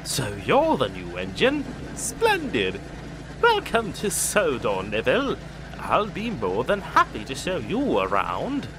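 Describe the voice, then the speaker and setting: A man's voice: mid-range voice, huge pitch swings, slow pace, noisy background, voice pushed up. Edward, a man doing a kind older steam engine. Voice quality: gentle, reassuring.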